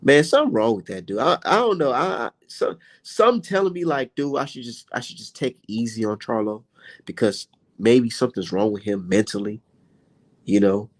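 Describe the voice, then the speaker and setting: A young man vents in a heated, profane livestream rant, blunt and exasperated. His voice swings widely in pitch as he stops to read viewer comments aloud. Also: lively intonation, moderate pace. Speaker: boxing commentator and channel host.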